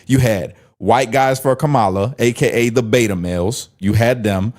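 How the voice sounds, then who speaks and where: A man's voice: mid-range voice, fairly quick, few pauses. A man talks back to a clip he is watching, mocking it in blunt, profane street slang. His delivery is loose and conversational, and he interrupts whenever the clip annoys him. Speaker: streamer reacting to a clip. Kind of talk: casual reaction commentary.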